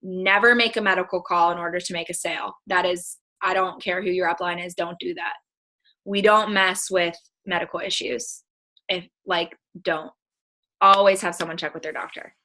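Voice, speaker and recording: Bright-voiced chatty woman presenting. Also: on the low side, fairly even intonation, moderate pace, rough recording. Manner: emphatic and chatty, repeats warnings. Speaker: network marketing presenter. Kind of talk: casual presentation on a video call. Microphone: video call.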